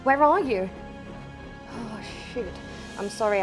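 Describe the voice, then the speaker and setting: A woman vlogging a ghost hunt in an abandoned house, talking to spirits, jumpy and swinging from hushed to loud. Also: fairly high pitch, lively intonation, unhurried, long pauses, faint music behind. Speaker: paranormal vlogger. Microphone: small mic on the camera.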